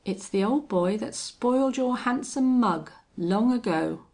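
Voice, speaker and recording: Woman doing a quiet cold gunslinger, gentle but menacing, slow gravelly, western audiobook. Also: a little high, lively intonation, voice pushed up. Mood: coolly menacing. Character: cold, calm male gunman hunter. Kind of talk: audiobook reading.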